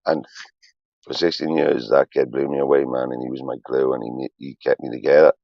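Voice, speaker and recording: A man's voice: rumbling low, flat delivery, fairly quick, creaky, dry recording, lo-fi sound. A man in his forties, a streamer, rambling on a livestream in a profane, emotional, confessional way.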